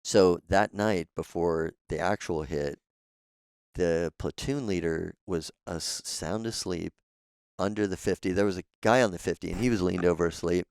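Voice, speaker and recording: A man telling stories as a podcast guest in a relaxed, profane, casual way, laughing often, on a studio mic. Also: low voice, moderate pace, gravelly, smooth, no echo. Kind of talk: casual storytelling.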